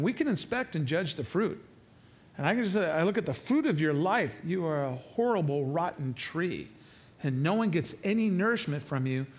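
A middle-aged man preaching a sermon in a conversational, jokey and emphatic way. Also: fairly high pitch. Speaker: pastor.

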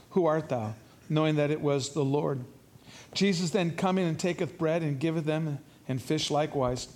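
A man's voice: fairly high pitch, darkish tone. A middle-aged man preaching a sermon in a conversational, jokey and emphatic way. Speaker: pastor.

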